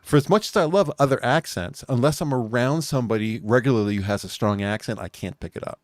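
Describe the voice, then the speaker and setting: A man's voice: mid-range voice, fast, no room sound, studio quality. An American man co-hosting a podcast, chatting casually and rambling with restarts. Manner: rambling, repeats himself. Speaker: podcast co-host. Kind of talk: casual chat.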